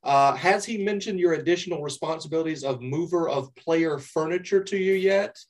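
A man's voice: fairly high pitch, moderate pace. A man co-hosting a fan podcast, asking a guest playful, joking questions. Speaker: podcast co-host. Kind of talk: casual interview.

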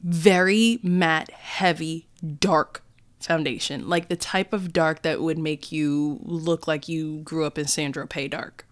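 A woman's voice: sits low, slow pace, clean tone. Chatty, laughing woman podcast host. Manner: animated, laughs often, lots of fillers. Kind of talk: casual chat.

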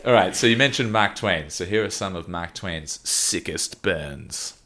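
A man's voice: deep voice, expressive, a little slow, bright, forceful tone. A man co-hosting a casual podcast, reading out famous quotes with lifted emphasis and laughing often between them. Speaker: podcast co-host.

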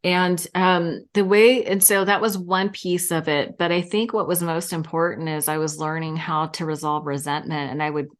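A woman's voice: lowish voice, moderate pace, few pauses. Candid, laughing woman telling stories. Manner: candid, laughing often, animated storytelling. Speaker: podcast guest. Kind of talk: casual interview chat.

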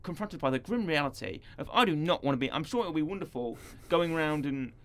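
A man's voice: a little high, animated, fast talker, fairly bright tone. Chatty, jokey man recapping a show. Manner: chatty, jokey, acts out characters. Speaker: podcast co-host. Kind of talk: casual chat recapping a TV episode.

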